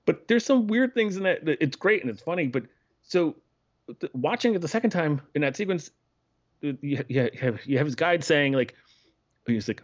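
A man's voice: fairly high pitch, sing-song, moderate pace. A man co-hosting a podcast, chatting casually about a film, rambling and breaking off his sentences, often laughing. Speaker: podcast co-host. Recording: dull lo-fi sound.

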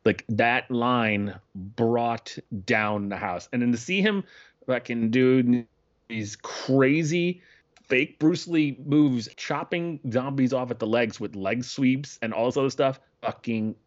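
Excitable, profane man on a podcast. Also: mid-range voice, takes it slowly. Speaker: podcast co-host. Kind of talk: casual chat. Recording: dull lo-fi podcast audio.

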